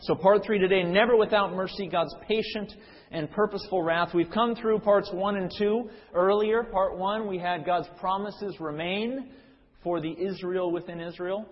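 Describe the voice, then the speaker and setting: A man's voice: high voice, fairly even intonation, moderate pace, big-room sound, highs cut off. A male pastor preaching a sermon, telling a story then teaching earnestly with frequent fillers and restarts.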